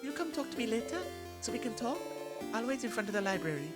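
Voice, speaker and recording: A streamer voicing Mirabelle, a kind and worried young woman, reading game dialogue in a high, anxious voice. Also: big pitch swings, fast, close to an everyday voice. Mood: pleading. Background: game music.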